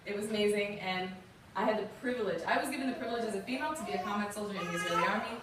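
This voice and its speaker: A woman's voice: mid-range voice, very fast, fairly bright tone, a little hiss or hum. A young woman from the American South telling a personal story to a youth audience, earnest and emotional, talking casually with fillers. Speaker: guest speaker. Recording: distant mic in a very echoey room.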